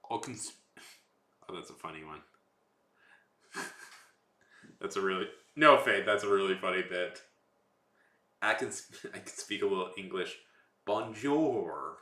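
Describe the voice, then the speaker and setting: Man, young adult, low voice, rambling, filler-heavy, roomy echo. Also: normal speed, long pauses, sharp tone. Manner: rambling, lots of fillers and trailing off. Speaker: streamer. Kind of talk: casual chat while drawing on stream.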